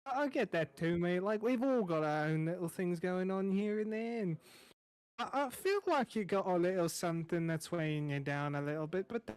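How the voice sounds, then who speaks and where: A man's voice: high voice, normal speed, clean tone, natural voice. A man voicing a friendly, talkative male chef who rambles and calls everyone mate. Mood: chummy.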